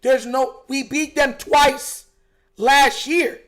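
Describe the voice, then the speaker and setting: Hyped fan streamer guy, really high voice, reads donations and rants about the game. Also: slow pace. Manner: excitable, reads out donations, argues with himself. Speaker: streamer hosting a live game watch-along. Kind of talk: casual fan commentary over a live broadcast.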